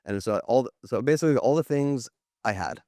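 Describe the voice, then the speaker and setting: A man's voice: mid-range voice, animated, a little fast, darkish tone, no echo, studio quality. A man in his thirties, a podcast guest, telling his story in a candid, rambling way with many fillers and restarts. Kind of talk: candid interview talk.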